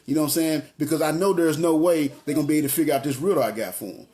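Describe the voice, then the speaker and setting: A man's voice: a little high, rapid-fire, darkish tone. A man preaching a casual, conversational sermon in a chatty, slangy way, talking straight to his congregation. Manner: street-talking, chatty, addresses the congregation as y'all.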